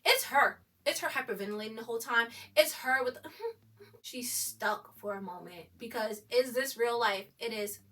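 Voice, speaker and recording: A woman chatting through a TV recap in a bright, slightly high voice, animated and gushing as she reacts. She sits a little back from the mic, so the sound sits slightly distant. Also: moderate pace, soft background music. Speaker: TV recap vlogger. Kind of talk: excited casual recap commentary.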